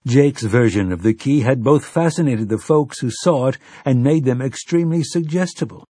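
A man with a medium-pitched voice narrates an audiobook from a script, telling the story in a measured, even manner. The studio-quality recording has no room sound.

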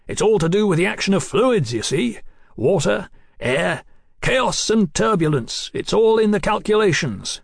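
A hearty, enthusiastic engineer, voiced by a male narrator in a lifted, lively register. A gravelly texture sits under his speech, and the sound is dry and close. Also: high-pitched, measured pace, dry recording, voice pushed up, full character voice. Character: cheerful, practical male engineer.

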